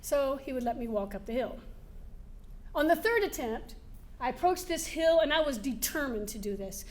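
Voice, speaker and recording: Woman with a high voice doing a keynote, lively storytelling, little bit of room noise behind. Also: moderate pace. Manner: lively, laughing, acts out scenes. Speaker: motivational speaker. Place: event hall before a live audience.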